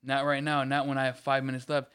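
Man ranting about work, smooth voice. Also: medium pitch, completely flat delivery, quick pace, a bit bright. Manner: ranting, repeats words, acts out quoted customers. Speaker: podcast co-host. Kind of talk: casual chat.

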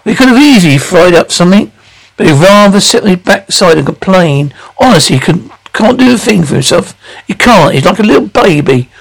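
An actress playing a sharp-tongued young married daughter who cuts her father down scornfully. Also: lowish voice, animated, fairly quick, gravelly, breathy edge, exaggerated voice, low-quality recording. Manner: scornful, cutting.

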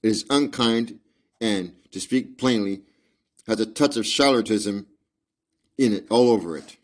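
A man's voice: on the low side, unhurried, lightly acted. A man reading aloud as a loyal, indignant Victorian male doctor who protests earnestly.

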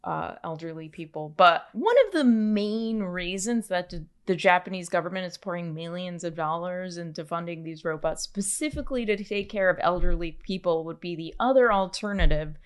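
Young woman podcast co-host, lowish voice, chatty, quick to laugh. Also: clear, resonant tone. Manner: laughs often, chatty, tries silly accents. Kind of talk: casual chat.

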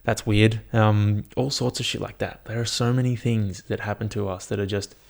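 A man's voice: on the low side, steady tone, moderate pace, creaky, darkish tone. A young man, hosting a solo podcast in a rambling, laid-back, sweary way. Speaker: podcast host. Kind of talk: casual solo podcast chat. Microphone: podcast microphone.

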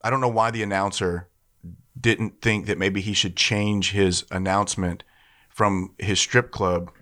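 A man co-hosting a casual podcast, telling stories in an animated way and often laughing. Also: lowish voice, measured pace. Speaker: podcast co-host.

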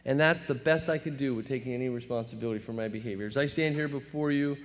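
A man in his fifties from telling his recovery story at a meeting, storytelling with self-mocking laughs and quick put-on voices for his younger self. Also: mid-range voice. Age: 50s. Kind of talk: personal testimony talk. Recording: long hall reverb.

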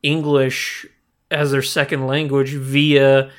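A man's voice: medium pitch, completely flat delivery, takes it slowly. A man co-hosting a podcast, chatting in a curious, conversational way. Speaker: podcast co-host. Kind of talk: casual podcast chat.

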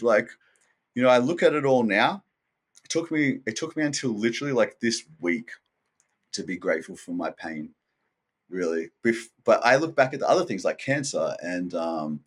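A man with a fairly low, slightly rough voice appears as a podcast guest. His talk is candid and rambling, with frequent swearing and lots of restarted sentences.

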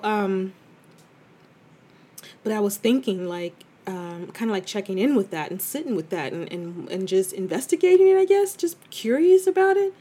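A woman's voice: medium pitch, mellow, husky. A woman hosting a podcast, talking candidly and reflectively in a chatty way, with many fillers and restarts. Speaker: podcast host. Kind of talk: casual reflective monologue.

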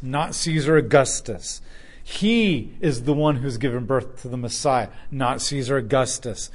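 A man's voice: medium pitch, a little slow. A man preaching a sermon, teaching through a passage with emphatic, repetitive declarations.

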